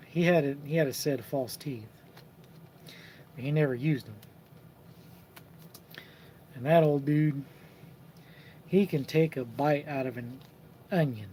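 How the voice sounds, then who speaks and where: A man hosting a casual live stream about card collecting, telling lively stories and mimicking the people in them. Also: medium pitch, takes it slowly, pauses often, a little hiss or hum. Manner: animated storyteller who mimics voices and laughs.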